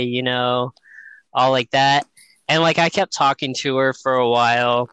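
A man's voice: medium pitch, moderate pace, clear, resonant tone, dry recording, low-quality recording. A man casually telling a personal story, laughing often and acting out the quotes. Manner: laughs often, animated retelling with quoted voices.

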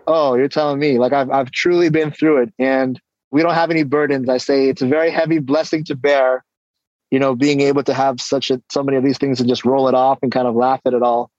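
A man guest on an interview, casually telling stories and acting out exchanges with lively energy. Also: medium pitch, fairly quick, dry recording, muffled recording. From San Diego, California. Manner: animated storytelling, acts out exchanges. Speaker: guest, hip-hop artist and coach.

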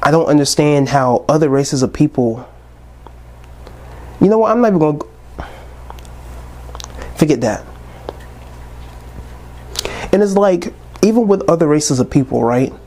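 A man in his twenties holds forth on his podcast in a casual, impassioned way, preaching at his listeners. His voice sits a little high but stays soft and mellow. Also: lively intonation, measured pace, long pauses, a little hiss or hum. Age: 20s. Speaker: podcast host.

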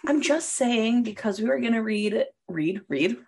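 A young adult woman co-hosting a podcast in casual chat, laughing often and jumping up in pitch when excited. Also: a little slow, vocal fry, slightly rough. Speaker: podcast co-host.

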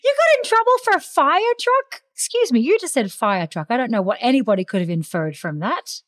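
A woman interviewing a guest in a casual chat, asking quick, playful, teasing questions. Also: fairly high pitch, big pitch swings, a bit bright.

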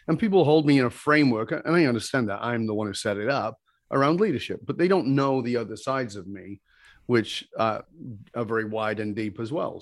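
A man being interviewed about his work teaching communication skills, telling stories in an animated, emphatic way that climbs to excited peaks. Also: medium pitch, no room sound, studio quality. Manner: energetic, emphatic, rising to excited peaks when retelling exchanges. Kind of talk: animated personal storytelling in conversation.

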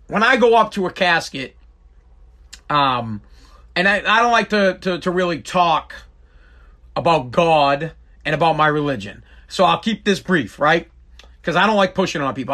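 A man's voice: on the high side, pushed and bright. A middle-aged man telling a personal story in a blunt, rambling way, often breaking off and restarting his sentences. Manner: rambling, blunt, self-interrupting. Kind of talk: casual storytelling monologue.

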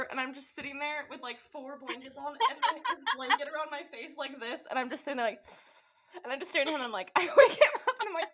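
High, bright young woman telling stories. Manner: animated storyteller, laughs often. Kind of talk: casual chat.

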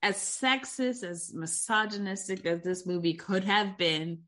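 A woman's voice: mid-range voice, a little slow, a bit bright. A woman co-hosting a casual movie-review chat, laying out plot points and facts. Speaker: podcast co-host.

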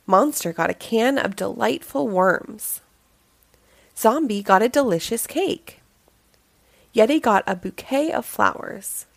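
Woman reading a kids book out loud, slow and super expressive, dry close sound. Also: fairly high pitch, vocal fry, dry recording. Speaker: children's story reader. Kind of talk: reading a picture book aloud.

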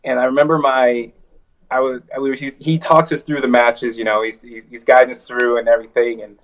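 A man's voice: medium pitch, level tone, fairly quick, a bit bright, dull audio. A man talking as a wrestler guest in a casual interview, telling stories in a loose, rambling way.

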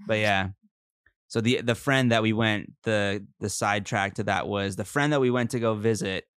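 A man's voice: fairly low pitch, moderate pace, a bit bright, clean tone, no room sound, clean studio sound. A man guesting on a podcast, telling a rambling travel story with sidetracks and frequent laughs. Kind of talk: casual storytelling.

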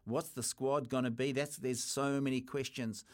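Chatty kiwi guy hosting sports radio, mid-pitch voice, lively banter. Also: moderate pace. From New Zealand. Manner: chatty, animated, teasing co-host. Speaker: radio sports show host. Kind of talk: casual sports radio chat.

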